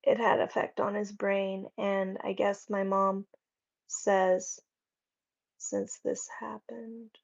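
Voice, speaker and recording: A woman's voice: mid-range voice, monotone, slow, dull audio. A woman hosting a casual livestream, chatting and reading viewer comments in a rambling, friendly way. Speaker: livestream host. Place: home.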